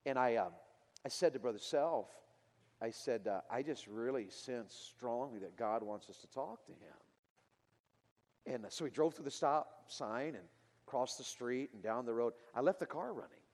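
Male preacher, mid-pitched, earnest sermon delivery swinging from loud peaks to hushed lines, recorded with long hall reverb. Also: animated, normal speed. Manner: earnest, building to loud emotional peaks then dropping quiet. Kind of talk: sermon storytelling.

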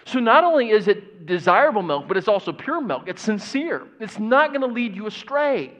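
A man preaching a sermon to a church audience, animated and engaging, asking them questions and putting on the voices of doubters. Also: high voice, normal speed, in a large hall. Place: church sanctuary. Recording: dull, muffled church audio recording.

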